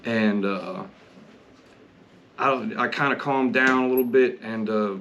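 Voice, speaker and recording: A podcast host tells his own story in a blunt, candid monologue laced with heavy swearing. His mid-range voice is a bit bright and measured in pace, with slight background noise.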